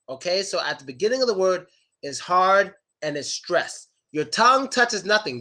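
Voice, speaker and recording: A man's voice: high-pitched, expressive, bright, forceful tone. A young man teaching English pronunciation in a casual online lesson, chatty and stretching out example words. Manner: chatty, drawn-out model words.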